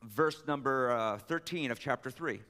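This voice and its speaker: A man's voice: moderate pace, bright, forceful tone. A man preaching a sermon as pastor, joking with the congregation between scripture readings. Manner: jokey asides, reads scripture with raised pitch. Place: large church sanctuary. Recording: long hall reverb.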